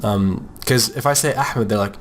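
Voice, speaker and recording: Here a young man from the United States talks loosely as he draws, covering art and his name as the host of an art podcast, joking around and frequently doing impressions of others. He speaks at a moderate pace with a fairly low pitch, over slight background noise.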